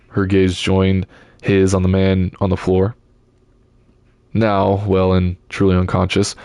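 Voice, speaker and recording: A man reading a novel aloud in a steady storytelling voice. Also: low-pitched, slow, pauses often, clean tone, no echo, studio quality. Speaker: audiobook reader.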